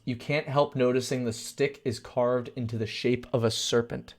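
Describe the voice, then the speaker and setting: A man reading a gamebook aloud on a live stream, mixing steady narration with casual, crude asides. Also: mid-range voice, moderate pace. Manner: casual and crude, reads narration then chats.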